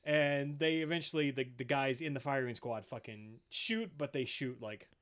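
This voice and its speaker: A man's voice: medium pitch, normal speed, a bit bright, clean tone. A man hosting a podcast, retelling episodes casually with lots of swearing and quoted voices. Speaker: podcast host. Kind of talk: casual chat.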